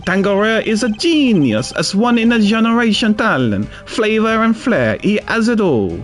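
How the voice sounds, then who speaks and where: A man's voice: high voice, very animated, moderate pace, soft background music, pitched above the performer's own voice. A man voicing a proud, flamboyant male pastry chef in a put-on Italian accent with a sing-song tone, reading game dialogue aloud. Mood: grandiose. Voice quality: sing-song, rising and falling tone.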